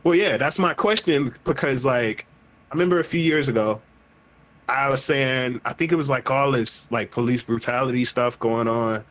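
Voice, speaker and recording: A man hosting a podcast in casual chat, animated, profane and emphatic as he talks with friends. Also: medium pitch, normal speed. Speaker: podcast host.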